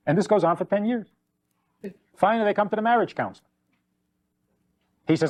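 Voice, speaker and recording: Male rabbi lecturer, slightly high voice, emphatic and lively delivery. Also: quick pace, long pauses. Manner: animated, acts out anecdotes with shifting voices; emphatic repetition. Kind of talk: spoken lecture on faith.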